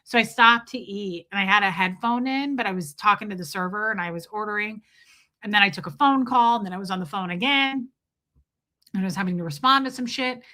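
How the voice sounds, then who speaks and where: A woman's voice: medium pitch, brisk, bright, forceful tone. A woman with a Northern US accent chatting casually as a podcast host, rambling and restarting her sentences. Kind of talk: casual chat.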